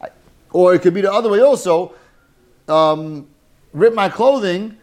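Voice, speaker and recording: A man teaching a lively Talmud class, mixing Hebrew and Yiddish terms and joking with his students. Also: sits high, measured pace.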